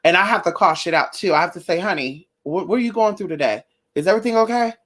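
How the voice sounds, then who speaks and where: A young woman vlogging in a casual chat with her viewers, blunt and profane, telling animated stories. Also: on the low side, fast. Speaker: spiritual vlogger.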